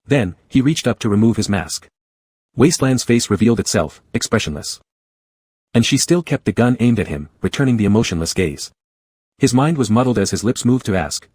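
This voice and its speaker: Low, husky male audiobook narrator. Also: lively intonation, brisk, darkish tone, dry recording. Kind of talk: scripted narration.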